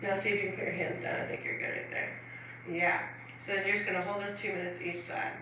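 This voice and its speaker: A woman's voice: mid-range voice, level tone, fast talker, background noise. A woman instructor guiding stretches in a casual, chatty way, often adding fillers and laughing. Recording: roomy echo from far off.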